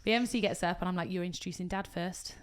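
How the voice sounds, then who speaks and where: A British woman and wedding coordinator, co-hosting a podcast and telling an animated story full of acted-out quotes. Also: on the low side, quick pace, smooth. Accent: British English. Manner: animated storytelling, acts out quotes, swears casually. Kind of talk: casual chat, storytelling.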